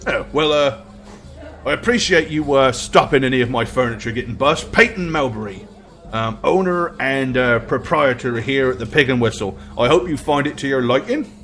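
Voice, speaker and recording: A man voicing a gruff male innkeeper, stern but fair. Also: mid-range voice, expressive, normal speed, a bit bright, close to an everyday voice. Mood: chatty.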